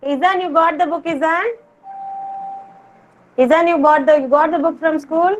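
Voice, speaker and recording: A young woman teaching a kindergarten Hindi class over a video call, drilling words in Indian English with slow, patient repetition. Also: sits high, fairly even intonation, muffled recording, a little hiss or hum. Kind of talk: online class teaching children.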